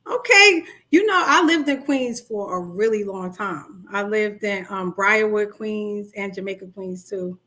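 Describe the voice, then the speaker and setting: A woman's voice: medium pitch, a little slow, hardly any pauses, a bit bright. A middle-aged woman with a New York accent, a life coach talking casually on a livestream and greeting her viewers by name. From Brooklyn, New York. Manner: chatty, greets commenters by name.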